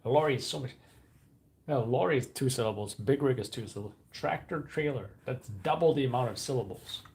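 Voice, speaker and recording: A man rambling through a casual live stream from a room at home, thinking aloud as he works. His voice sits at a middle pitch, and faint keyboard typing carries under his talk. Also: a little fast, gravelly, a little mellow, a little hiss or hum.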